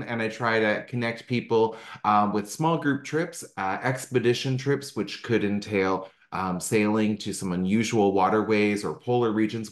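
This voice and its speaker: A man presents a travel talk over a video call, speaking in a fairly low voice. He is chatty and loose, with frequent fillers and restarts. The sound has noticeable room echo. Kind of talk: online presentation. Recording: echoey room.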